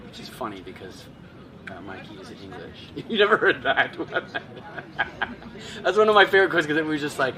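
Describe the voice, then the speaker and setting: A man hosting a casual chat outdoors in a city, lively and self-deprecating, laughing as he talks. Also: medium pitch, normal speed. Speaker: host and voice actor. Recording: distant mic with street crowd.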